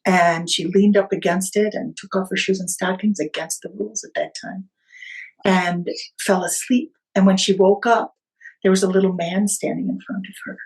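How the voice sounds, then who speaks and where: Woman, podcast guest, unhurried storyteller, mid-pitched voice. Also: a little mellow, low-quality recording. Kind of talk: family storytelling.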